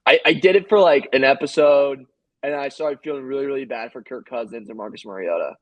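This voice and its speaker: A man's voice: medium pitch, a little fast, no room sound, low-quality recording. A man co-hosting a sports podcast, telling rambling, joking stories in casual chat. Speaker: podcast co-host.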